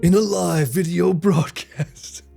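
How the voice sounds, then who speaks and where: A man putting on a male movie trailer announcer voice, slow and dramatic. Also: high voice, fairly even intonation, gravelly, warm tone, soft background music, exaggerated voice.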